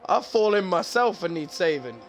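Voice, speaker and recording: A man's voice: high voice, big pitch swings, moderate pace, music in the background. A man commentating a sim racing league, joking and swearing as he talks. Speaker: race commentator.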